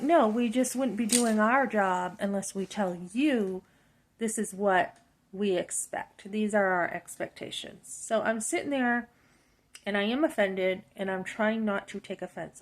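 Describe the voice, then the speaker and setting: Woman, 50s, vlogger, indignant and animated storyteller. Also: medium pitch. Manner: animated, indignant, talks through her frustration; acts out both sides of conversations. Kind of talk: personal storytelling.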